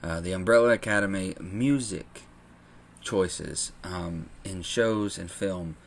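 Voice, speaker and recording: Gravelly low-voiced man chatting. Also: slow, a little hiss or hum. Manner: relaxed, filler-heavy, acts out scenes. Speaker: podcast co-host. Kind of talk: casual chat.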